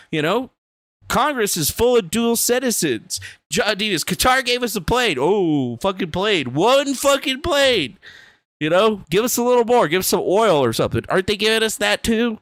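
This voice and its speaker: A man's voice: high-pitched, fairly bright tone, dry recording. A young man hosting a livestream, ranting in a casual, profane and rambling way from a small room. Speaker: livestream host. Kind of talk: casual political rant.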